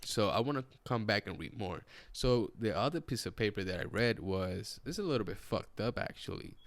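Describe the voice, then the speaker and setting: Young podcaster, low gravelly voice, swears freely, dry close mic. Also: male voice, animated, moderate pace, dry recording. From Puerto Rico. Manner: profane, rambling, frequent restarts and fillers. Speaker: podcast host. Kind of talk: casual storytelling.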